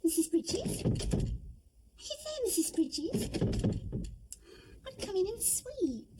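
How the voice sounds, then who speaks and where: An actress playing a timid young housemaid who speaks hesitantly and anxiously. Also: female voice, very high-pitched, very animated, slow pace, noisy background, heavily acted. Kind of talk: period television drama.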